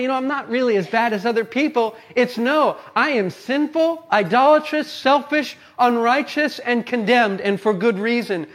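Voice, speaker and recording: High-voiced man preaching a conversational sermon. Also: fairly bright tone. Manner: earnest, conversational preaching with frequent "right?" and "okay?". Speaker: pastor.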